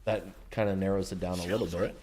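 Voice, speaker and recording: Laid-back American man, low voice. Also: steady tone, fast, darkish tone. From United States. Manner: laid-back, chatty, slangy. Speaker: streamer. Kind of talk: casual gameplay commentary.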